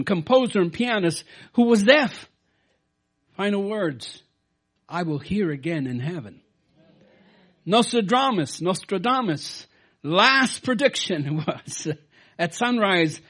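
A man preaching a Good Friday sermon, dropping to quiet asides and then rising to loud, emphatic declarations. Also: sits high, animated, takes it slowly. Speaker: pastor.

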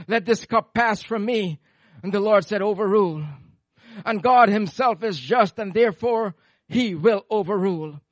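A man preaching in a high voice, captured dry and close with no room sound. He holds a microphone and swings between loud, fervent praise and quiet, hushed storytelling in a church sermon. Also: dry recording. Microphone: handheld microphone.

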